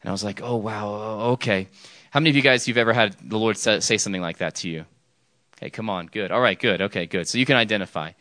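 A man's voice: fairly low pitch, very fast, sharp tone, no room sound. A man preaching an informal sermon, talking with the audience, checking in with "okay?" often and restarting his sentences. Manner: chatty, frequent "okay?" and restarts, jokes with audience.

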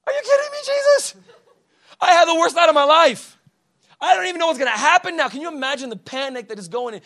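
A man preaching a fervent sermon, swinging from low, quiet lines to shouted peaks and calling out to the congregation. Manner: calls out "come on now" to the congregation.

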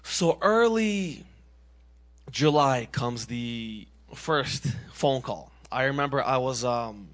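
A man in his twenties from Massachusetts, sharing his personal testimony as a youth minister in an earnest, animated way, often restarting his sentences. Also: medium pitch, takes it slowly. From Massachusetts, USA.

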